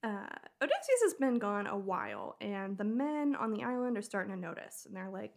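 A woman's voice: mid-range voice, wildly swooping pitch, creaky. A young woman co-hosting a casual podcast, retelling a myth with lots of giggles and ums. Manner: giggly, halting with many ums. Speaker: podcast co-host.

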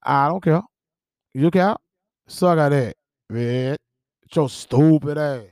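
A man on the high side, with a darkish, smooth tone and slow pace, hosts a podcast offering casual celebrity gossip. He reads headlines and reacts with laughter and profanity; the studio-quality recording is dry.

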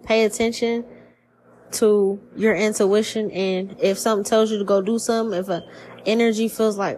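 A woman giving a casual spiritual reading on a podcast, talking in slangy, profane, animated bursts. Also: medium pitch, normal speed, a little hiss or hum, low-quality recording. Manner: profane, slangy, animated storytelling with put-on quoted voices. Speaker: tarot reader.

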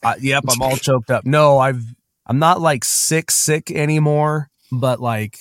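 A man hosts a podcast interview with a weak voice left from a lingering cough. He talks slowly and hesitantly, full of fillers. The sound is dry and close. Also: mid-range voice, fairly even intonation, no echo. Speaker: podcast host.

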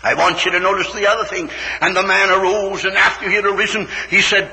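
A fiery preacher man delivers a revival sermon in a high, piercing, gravelly voice. His words build into shouted climaxes and ring out through a long hall echo. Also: normal speed, few pauses. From West Virginia, USA. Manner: fervent old-time preaching, rising to shouted climaxes. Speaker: evangelist preacher. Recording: reverberant hall recording.

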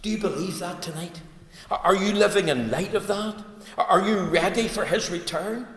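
Male preacher, higher voice, booming hall reverb, emphatic sermon delivery. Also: moderate pace. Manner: fervent, swings from loud emphatic cries to low earnest tones. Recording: echoey hall sound.

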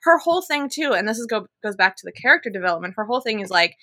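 Bright young woman gushing about books. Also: mid-range voice, big pitch swings, racing, dry recording. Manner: gushing, acts out quotes, many fillers. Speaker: book club co-host. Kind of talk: casual chat.

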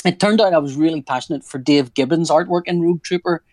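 A man's voice: on the high side, fast talker, dry recording. A man in his forties, a comic artist talking casually in an interview, rambling and restarting his sentences with a joking streak. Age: 40s. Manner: rambling, self-interrupting, jokey.

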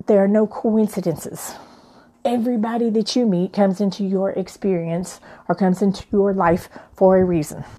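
A woman's voice: mid-range voice, mellow. A middle-aged woman, a mother telling her own story in a candid, emphatic way, often repeating her points. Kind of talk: personal talk.

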